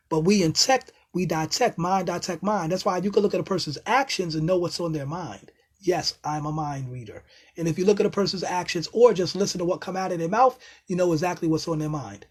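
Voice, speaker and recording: A man giving a casual spiritual lecture in loose, streetwise talk, emphatic and excitable, now and then bursting into loud exclamations and cursing. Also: sits high, husky. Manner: loose, streetwise phrasing with many asides. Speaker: self-styled spiritual teacher.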